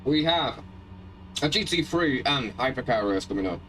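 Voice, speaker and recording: A man casually live-streaming a sim race. He chats and rambles, greets viewers by name and thinks out loud about his car setup. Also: mid-range voice, animated, normal speed, a little hiss or hum. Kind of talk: casual live-stream chat while racing. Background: loud music.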